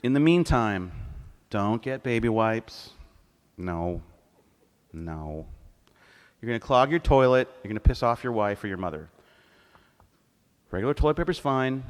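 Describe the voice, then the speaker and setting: A middle-aged cartoonist on a convention stage, telling crude comic stories in an animated way and laughing with the crowd. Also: male voice, medium pitch, unhurried, pauses often, clean tone. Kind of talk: comic live storytelling. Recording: long hall reverb.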